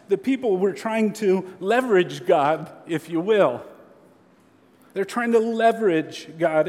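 A man preaching a sermon as a pastor, earnest and measured, with slow emphatic pauses. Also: high voice. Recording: long hall reverb.

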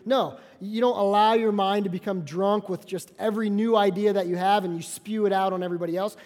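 A man's voice: high voice, fairly even intonation, a little fast, few pauses, darkish tone. A man preaching a sermon in a conversational way, often repeating and restarting his phrases. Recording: long hall reverb.

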